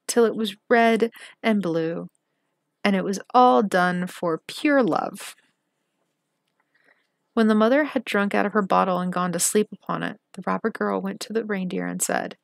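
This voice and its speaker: A woman reading a fairy tale aloud in a measured, expressive storybook style. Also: mid-range voice, gravelly, no room sound, clean studio sound. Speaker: storybook reader.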